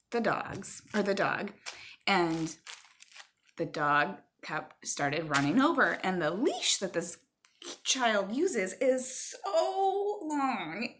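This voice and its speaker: A middle-aged woman telling a rambling personal story at home to her viewers, with fillers and pauses. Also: mid-range voice, fairly bright tone, slight background noise. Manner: chatty, rambling with fillers, stops to talk to her child. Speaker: vlogger. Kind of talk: casual storytelling to camera.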